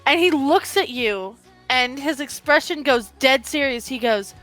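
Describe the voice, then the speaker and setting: A woman's voice: high-pitched, expressive, unhurried, a bit bright, soft background music, rough recording. Casual woman roleplaying a fortune teller. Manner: casual, describes actions then speaks in character. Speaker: player. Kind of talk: in-character tabletop roleplay chat.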